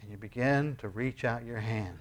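At a moderate pace, a man preaches a sermon in his role as pastor. He reads scripture, finishes in prayer, and swings from loud, high exclamations to hushed, low asides.

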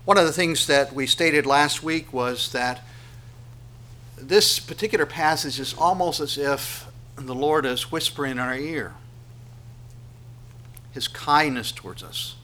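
Slow, bright-voiced preacher man. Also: fairly high pitch, slight background noise. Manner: dramatic swings between loud and hushed delivery. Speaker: pastor. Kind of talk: sermon.

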